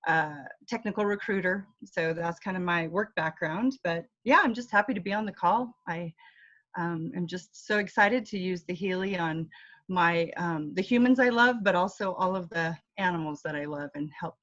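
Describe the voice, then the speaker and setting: A middle-aged woman introducing herself on a video call, hesitant with many pauses and fillers. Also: lowish voice, no room sound, dull audio. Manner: hesitant, many ums, warm and earnest. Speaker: panel guest.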